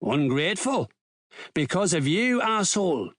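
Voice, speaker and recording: A man doing a gruff, threatening Belfast crime boss who swears freely, his voice dropping low and heavy as he growls out demands. A menacing street hard man in an audiobook, spoken in a dry, close recording. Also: big pitch swings, measured pace, a bit bright, dry recording, exaggerated voice. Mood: angry.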